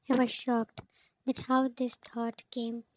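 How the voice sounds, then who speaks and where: A woman reading fanfiction aloud in a flat, even way, naming each speaker before their lines. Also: a little high, slow, dry recording, rough recording. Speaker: fanfiction reader.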